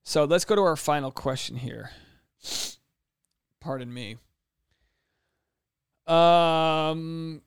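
30s guy doing a solo podcast, gravelly but smooth voice, dry close mic. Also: fairly high pitch, no echo. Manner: casual, jokey advice with quick asides. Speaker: podcast host. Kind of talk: solo podcast, reading listener questions. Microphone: podcast mic in a home studio.

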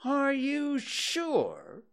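A man's voice: high-pitched, big pitch swings, unhurried, gravelly, fairly bright tone, voice pushed up, full character voice. A man voicing a cautious, polite male rabbit, speaking in a prim and fussy way.

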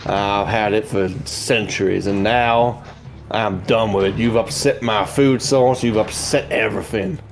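A man voicing an ancient female swamp hag who becomes a black dragon, drawn-out and threatening. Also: on the low side, fairly even intonation, faint music behind. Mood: angry.

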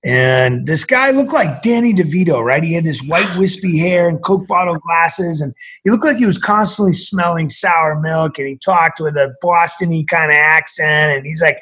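A middle-aged man from central Massachusetts, a podcast guest telling a story in an animated way. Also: fairly high pitch, moderate pace, hardly any pauses, slightly rough. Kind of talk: storytelling conversation.

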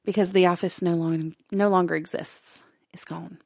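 A woman's voice: lowish voice, fairly even intonation, normal speed, creaky, darkish tone, no room sound. Woman, casual podcast co-host reading a text aloud with jokey asides, dry close sound. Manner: laughs easily, swears casually, stumbles over words.

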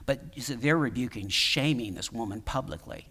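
A man's voice: a little high, expressive, brisk, few pauses, sharp tone, long reverb tail. A man preaching a sermon in a conversational, emphatic way, with many fillers and restarts. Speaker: pastor.

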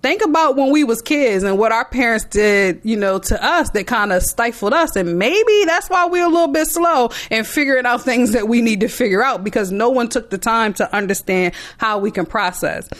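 A woman's voice: on the high side, expressive, moderate pace, hardly any pauses. A middle-aged mother giving earnest, emphatic advice to other parents in a conversational talk.

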